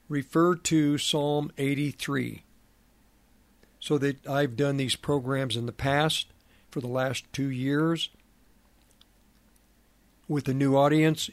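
A middle-aged man hosting a prophecy commentary program, speaking in a slow, halting way with many fillers and restarts. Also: mid-range voice, no echo. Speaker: radio program host.

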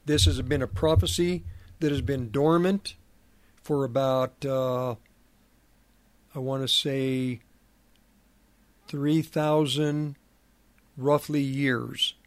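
A middle-aged man hosting a prophecy commentary program, speaking in a slow, halting way with many fillers and restarts. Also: mid-range voice, fairly even intonation, no echo. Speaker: radio program host.

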